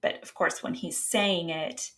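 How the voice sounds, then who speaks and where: Woman with a somewhat low voice teaching writing. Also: steady tone, a little slow, fairly bright tone. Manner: explains patiently, with some fillers and restarts; reads example passages aloud. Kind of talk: casual instructional talk.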